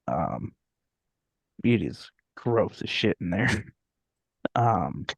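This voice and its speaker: A man's voice: deep voice, big pitch swings, very slow, creaky, slightly rough, dry recording. A young man co-hosting a podcast in casual chat, joking and laughing often. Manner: laughs often, jokey, puts on silly voices for quotes. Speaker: podcast co-host.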